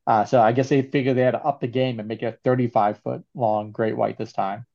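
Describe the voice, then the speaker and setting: A man co-hosting a casual movie review podcast, telling scenes in an animated way and laughing often. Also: medium pitch, brisk, vocal fry, dull audio. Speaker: podcast co-host.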